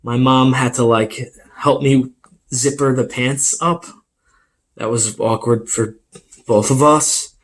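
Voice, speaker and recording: A man's voice: medium pitch, fairly even intonation, slow. Rambling young stand-up comedian man. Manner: rambling, filler-heavy, self-deprecating delivery.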